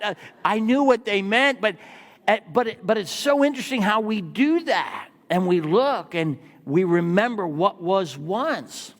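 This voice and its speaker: Lively older pastor in a reverberant church. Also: male voice, high-pitched, unhurried. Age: 60s. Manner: animated storytelling with rhetorical questions to the congregation. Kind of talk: sermon. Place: church sanctuary. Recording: long reverb of a church hall.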